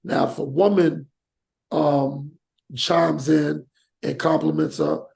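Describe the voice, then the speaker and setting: A man with a high, heavily gravelly voice hosts a casual podcast chat. He rants with energy and acts out examples mid-sentence. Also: slow. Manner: animated, rants with acted-out examples. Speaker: podcast host.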